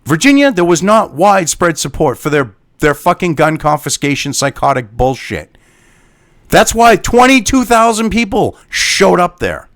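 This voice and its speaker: A man's voice: high-pitched, very animated, moderate pace, fairly bright tone, dry recording, clean studio sound. A man hosting a political commentary show, reading an article aloud and ranting at it with profane, sarcastic insults. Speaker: commentary host. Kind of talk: angry political rant reacting to an article.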